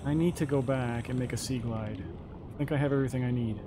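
A man talks his way through a survival video game at a mid pitch, musing out loud about what to craft next. His voice sits over a steady wash of noise and game sound. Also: fast talker. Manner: chatty, thinking aloud while playing. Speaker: gaming streamer. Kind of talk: casual gameplay commentary.

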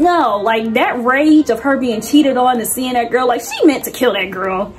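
A young woman casually recapping a movie's plot, slangy and animated, with big swoops in her voice. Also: high voice, moderate pace, hardly any pauses, faint music behind. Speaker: movie reviewer.

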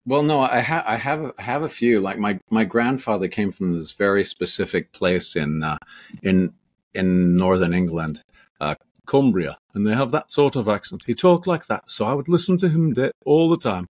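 A deep-voiced Canadian man with a husky edge talks at length as an interview guest. He rambles from one anecdote to the next, restarting sentences and leaning on fillers. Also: expressive, moderate pace. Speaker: actor guest. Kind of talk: casual interview storytelling.

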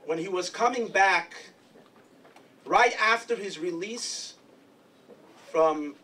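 A man's voice: high voice, a bit bright, recorded from a distance, a little hiss or hum, rough recording. A man from New York giving a chatty, humorous Hasidic lecture full of stories, as rabbi and speaker at a congress.

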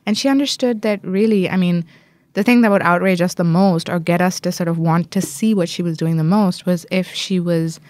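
A woman who is a journalist and author answers interview questions, telling a story fluently and with lively emphasis. Her voice is lowish, and there's no echo.

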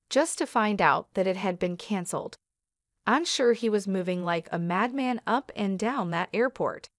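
A woman narrating a scripted first-person story in a calm, firm way. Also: mid-range voice, no echo, clean studio sound.

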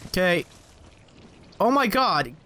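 A man's voice: high voice, very animated, takes it slowly, sharp tone. A man commenting on his own gameplay, cursing and joking at the enemies as he plays. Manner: profane, jokey, talks to game enemies. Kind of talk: let's play commentary.

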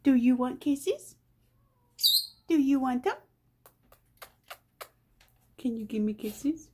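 A woman's voice: high-pitched, expressive, slow, mellow, a little hiss or hum. A woman filming her pet cockatoo on a phone at home, scolding it and cooing at it in playful baby talk. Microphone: phone held in hand.

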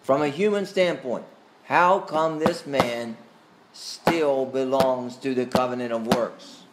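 A man's voice: mid-range voice, slow pace, very noisy. A man leading a church catechism class in a Bible study teaching style. He keeps calling on students with questions, with plenty of hesitant "uh"s and "um"s in between. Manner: questioning, calls on students by name; hesitant, with frequent fillers.

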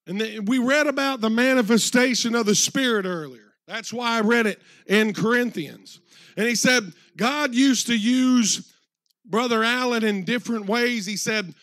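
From the church pulpit, a preacher with a high, fairly bright voice tells a story in a sermon, quoting its characters at length. He slows down and swells in force on the key words, and the sound is dry and close.

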